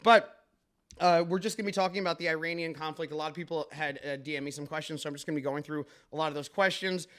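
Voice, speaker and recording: A man's voice: on the high side, steady tone, fast talker, fairly bright tone, clear, resonant tone. A man hosting a comedic news podcast, rambling and joking with many fillers and restarts. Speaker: podcast host.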